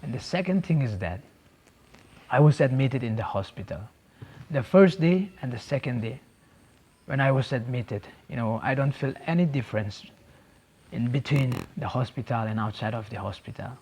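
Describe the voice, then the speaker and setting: A young man giving an earnest personal faith testimony, halting and repeating himself, with many "you know"s. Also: medium pitch, lively intonation, darkish tone, husky. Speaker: testimony speaker.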